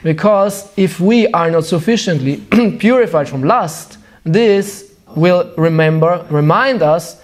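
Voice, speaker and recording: A man with a German accent, a native German speaker, giving an animated devotional sermon and sometimes searching for words. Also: a little high, slow pace, hardly any pauses. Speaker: spiritual teacher.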